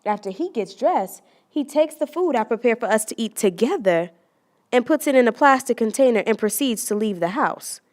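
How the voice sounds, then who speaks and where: A woman's voice: on the high side, animated, normal speed, close to an everyday voice. A woman performing a dramatic monologue as a young woman who tells, earnestly and confidingly, how a relationship hurt her. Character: young woman recounting a hurtful relationship, wounded but resolute.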